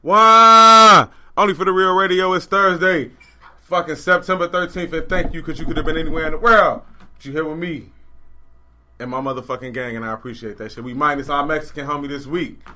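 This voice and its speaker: A young man hosting a podcast, talking in loud, laughing, profane banter. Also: fairly high pitch, fairly even intonation, fast. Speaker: podcast host. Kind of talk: casual chat.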